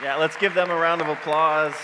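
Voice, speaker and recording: A man's voice: fairly high pitch, flat delivery, fairly quick, noisy background. A man acting as emcee, making brief announcements to the audience at a ceremony. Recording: hall reverb with a crowd behind.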